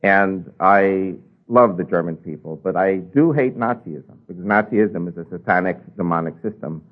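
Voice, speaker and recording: A man tells his personal testimony with animated rises and drops in his voice. His tone is husky and slightly rough. The sound is thin and tinny, like a phone-line radio broadcast. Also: low voice, moderate pace. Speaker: speaker giving a testimony.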